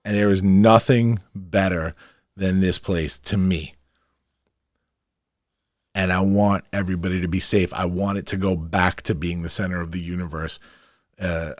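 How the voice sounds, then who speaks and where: A man's voice: sits low, fairly even intonation, measured pace, pauses often, no echo, clean studio sound. A brash, emphatic middle-aged man, hosting a podcast in an opinionated monologue. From New York, Long Island. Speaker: podcast host.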